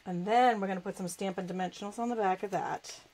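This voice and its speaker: A woman's voice: mid-range voice, fast, darkish tone, low-quality recording. A woman hosts a live crafting lesson, talking as she works with her hands. She is chatty and self-deprecating, and she laughs often. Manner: talks while working with her hands. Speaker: crafting show host.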